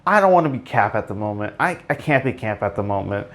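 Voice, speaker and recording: A man re-enacting a guilt-ridden, brainwashed male super-soldier who refuses a hero's mantle, speaking low and haltingly. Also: expressive, a bit bright. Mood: reluctant.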